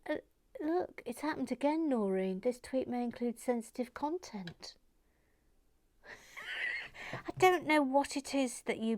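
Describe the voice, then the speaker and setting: A woman chats casually while building, often dropping to a soft mutter and joking at her own expense. Her voice sits fairly high and unhurried. The sound is dry and close. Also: no room sound. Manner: mutters softly to herself, self-mocking asides. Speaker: host building a Lego model.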